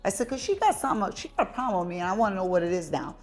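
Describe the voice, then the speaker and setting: A woman's voice: mid-range voice, rapid-fire, faint music behind. Blunt, profane New woman host. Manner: blunt, profane, animated storyteller. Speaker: podcast host. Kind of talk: casual storytelling chat.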